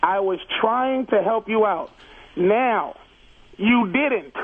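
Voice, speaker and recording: A man's voice: sits high, expressive, slow, slight background noise. A man comedian calling in to a radio show, insistently retelling his side with profanity in a heated argument, over a tinny phone line. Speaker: comedian caller.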